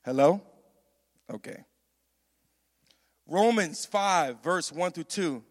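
A man with a high, light voice preaches to his congregation, animated and repeating himself as he calls out questions. The sound carries a long reverb from a church hall. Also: takes it slowly. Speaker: pastor. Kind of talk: sermon.

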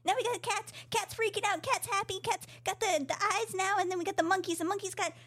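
A woman's voice: very high-pitched, steady tone, fast, a bit bright. A woman co-hosting a casual podcast, reading listener emails aloud in a giggly, rambling way and stumbling over her words. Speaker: podcast co-host.

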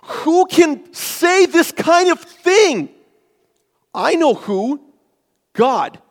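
High-voiced male pastor, emphatic preaching. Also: big pitch swings, very slow. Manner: emphatic, rhetorical questions, shifts between loud and hushed. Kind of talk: sermon. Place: church sanctuary. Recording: long hall reverb.

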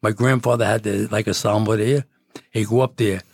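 An older man rambles through stories, restarting his sentences as he goes. His voice sits low, gravelly and husky, recorded close and dry. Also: steady tone, moderate pace, no echo. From Jersey City, New Jersey. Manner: rambling, with frequent restarts and chuckles. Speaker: guest. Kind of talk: casual storytelling.

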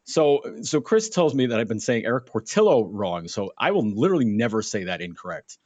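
A young man co-hosting a sports podcast, telling a story in a casual, animated way and acting out the voices in it. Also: medium pitch, fairly quick, dry recording. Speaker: podcast co-host. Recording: dull lo-fi sound, dry.

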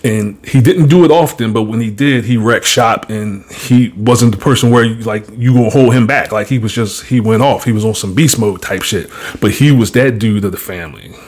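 A man hosting a podcast, talking in a casual, blunt and profane way as he tells an animated story and gives his views. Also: on the low side, moderate pace, husky. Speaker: podcast host.

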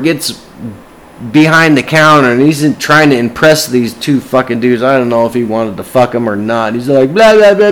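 A man's voice: mid-range voice, low-quality recording. A man ranting casually to camera, agitated and swearing constantly.

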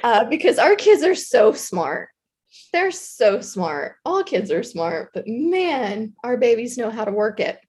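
A woman with a Southern US accent telling a school story in a casual chat, animated and chatty with plenty of fillers. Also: on the high side, a little slow. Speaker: guest storyteller, former intervention specialist.

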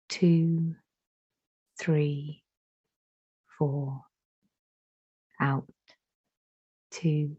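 A woman leading a guided meditation, giving slow, soothing instructions with long pauses between phrases. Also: low-pitched, mellow, husky. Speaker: meditation teacher. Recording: dull lo-fi recording.

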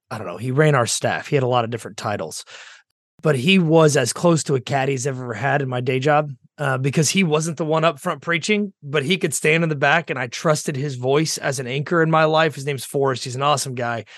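A reflective man hosts a podcast and pulls lessons out of his guest's stories. His voice sits a bit high for a man and sounds dry and close to the mic. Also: fairly bright tone, no echo. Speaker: podcast host, pastor. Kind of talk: reflective interview talk.

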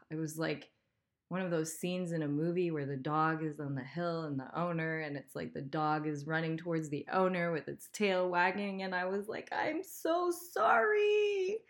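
A woman's voice: medium pitch, a bit bright. A woman hosting a podcast, giving a candid motivational monologue, emphatic, swearing freely and laughing often. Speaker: podcast host.

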